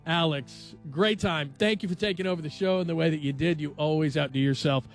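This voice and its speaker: A man's voice: a little high, fairly quick, soft background music. A man hosting a late-night radio sports show, chatting casually and joking with his co-hosts. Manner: animated, jokey, laughs often.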